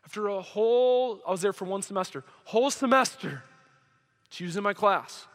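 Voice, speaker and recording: A man's voice: sits high, moderate pace, a bit bright. A young man preaching a sermon, telling a story with emotion and acting out quoted dialogue. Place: church service hall. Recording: hall reverb.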